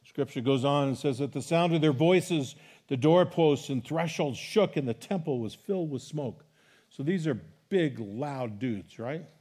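An unhurried middle-aged pastor with a fairly high voice preaches a sermon. He reads scripture with rising, animated emphasis that turns loud on the quotations, chatting with the congregation between passages.

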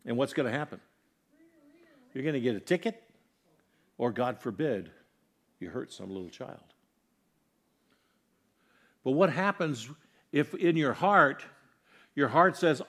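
A man preaching a sermon, earnestly putting questions to his congregation and moving between loud, emphatic lines and soft, quiet ones. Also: mid-range voice, expressive, a little slow, pauses often. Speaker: pastor.

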